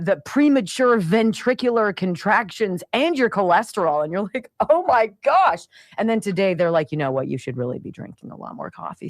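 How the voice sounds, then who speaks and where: A woman in her fifties hosting a radio show, telling stories in a chatty, animated way. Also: fairly low pitch, no room sound, studio quality. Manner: chatty, animated storytelling with sound effects and laughs. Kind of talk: casual monologue. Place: radio studio.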